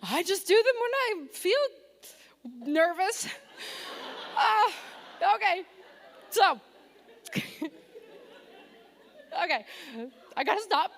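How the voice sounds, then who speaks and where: A woman preaching a sermon to her church, lively and self-deprecating, joking and calling out to the congregation. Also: very high-pitched, extremely slow, pauses often, some chatter behind. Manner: lively, self-deprecating humor, engages audience. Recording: long reverb of a large hall.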